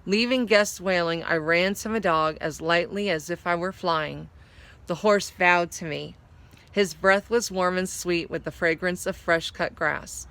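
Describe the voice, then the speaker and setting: A woman's voice: on the low side, measured pace, fairly bright tone. A woman reading a story aloud, now and then explaining a word. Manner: explains hard words while reading. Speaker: story reader.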